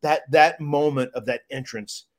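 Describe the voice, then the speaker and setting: A man's voice: medium pitch, a little slow. Emotional man telling a rambling story. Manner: emotional, rambling with many restarts. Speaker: guest, former wrestler. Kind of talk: casual interview storytelling.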